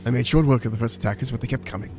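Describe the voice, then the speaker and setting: A stern quest-giver from a fantasy game speaks in a put-on British accent, as a male streamer reads his lines aloud. The accent wobbles in a self-mocking way, with a voice of middle pitch. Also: rapid-fire, a little mellow, soft background music, close to an everyday voice. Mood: grave.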